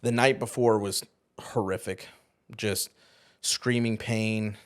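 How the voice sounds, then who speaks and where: A man, a podcast co-host and former youth pastor, telling a painful personal story in an earnest, halting way that often trails off quietly. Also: fairly low pitch, steady tone, clean tone.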